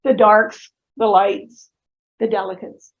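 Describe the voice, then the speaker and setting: A woman's voice: mid-range voice, level tone, slow. A woman in her sixties giving a humorous storytelling talk to students in a lecture hall, asking the audience questions as she goes. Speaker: speaker presenting to students. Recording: dull lo-fi recording.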